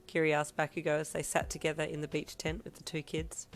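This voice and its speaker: A woman reading fan fiction aloud in a calm storytelling manner. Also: low-pitched, fast, soft background music. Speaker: reader.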